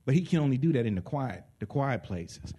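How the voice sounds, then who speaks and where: A man preaching a sermon in an animated way, acting out little voices and laughing along with his listeners. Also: medium pitch, fairly quick, a little hiss or hum. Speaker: pastor.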